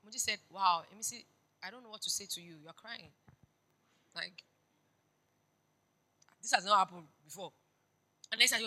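A woman pastor preaching a sermon. She moves between hushed storytelling and loud, urgent exhortation. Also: mid-range voice, normal speed, long pauses, poor audio.

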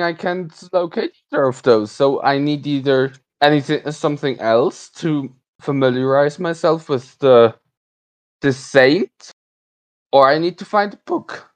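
A player in a tabletop game speaking in a measured, careful way. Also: mid-range voice. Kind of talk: in-character tabletop play.

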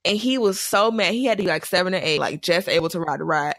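Young woman chatting, lively funny stories, laughs a lot, dry close mic. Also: lowish voice, quick pace, no room sound. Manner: animated storytelling, laughing often. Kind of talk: casual chat.

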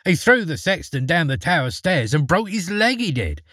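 A man's voice: a little high, big pitch swings, moderate pace, a bit bright, dry recording, clean studio sound, pitched above the performer's own voice. A man voicing an angry, fretful sexton's wife in a storybook reading, speaking urgently. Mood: furious.

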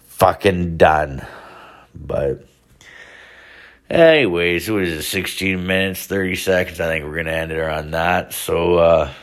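Deep-voiced man telling a rambling story. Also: a little slow. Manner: rambling, profane, heavy use of "like". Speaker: podcast host. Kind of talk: casual storytelling.

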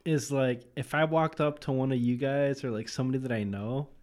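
Man, mid-pitched voice, blunt and profane in casual talk. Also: steady tone, brisk, darkish tone. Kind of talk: casual chat.

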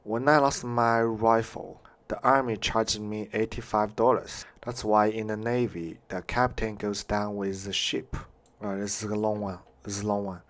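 Low-voiced man laughing through jokes. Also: fairly even intonation, normal speed, fairly bright tone. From Canada. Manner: laughs often, stumbles over words. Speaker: vlogger reading jokes. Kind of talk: casual reading of online jokes.

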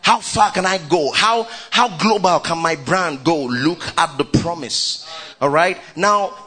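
A man preaching a lively sermon, calling out to the congregation, shouting and laughing as he goes. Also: a little high, measured pace, breathy edge, soft background music. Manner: exuberant preaching, shouting and laughing, call and response. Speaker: pastor.

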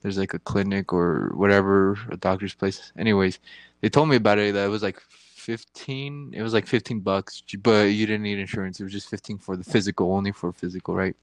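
A man's voice: lowish voice, steady tone, fairly quick, no echo. A young man telling a crude story in casual chat, rambling and slangy, laughing at his own jokes.

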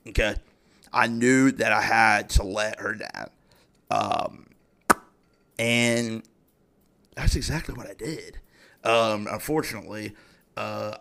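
Profane, animated young man hosting a podcast. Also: lowish voice, creaky. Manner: heavy profanity, animated and exasperated storytelling. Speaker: podcast host. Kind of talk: casual solo podcast rant.

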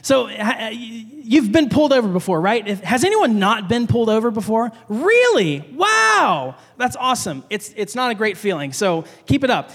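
A young adult man, a pastor, preaching a conversational sermon in a church, telling a personal story with animated delivery and acting out his own panicked thoughts. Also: sits high, fairly quick, few pauses, slightly rough. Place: church sanctuary. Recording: long hall reverb.

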